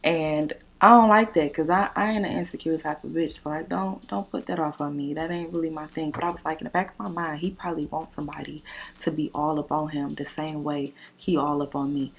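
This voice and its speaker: A woman's voice: low voice, steady tone, a little fast, vocal fry. A young woman vlogger chatting casually while doing her makeup, telling a dating story bluntly and animatedly, with lots of swearing. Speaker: beauty vlogger.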